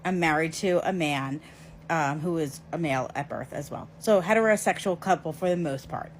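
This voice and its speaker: A woman telling a story from her own life to camera in a casual vlog, lively and emphatic, with quick asides to the viewer. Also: sits low, a little hiss or hum.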